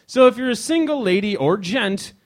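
Rambling, lively stand-up comedian man. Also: high voice, moderate pace. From Chicago. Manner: rambling, teasing the crowd, frequent self-interrupting restarts. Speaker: comedian performing for a small live audience. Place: hostel lounge, leaning on a leather couch.

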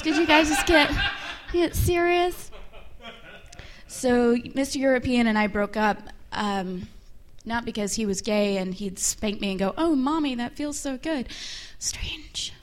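A young woman performing a bawdy, animated stand-up comedy set. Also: high voice, measured pace, slight background noise.

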